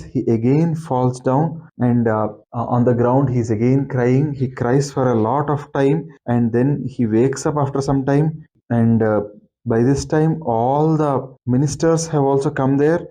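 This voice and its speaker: A man's voice: mid-range voice, dark tone, poor audio. A man retelling and explaining an epic scripture, reciting verses and paraphrasing them in a conversational way.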